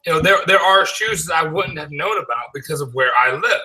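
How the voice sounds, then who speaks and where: Man, podcast host from the South, very bright tone, slightly high voice, loose and profane. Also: lively intonation, a little fast, poor audio. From American South. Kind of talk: casual chat.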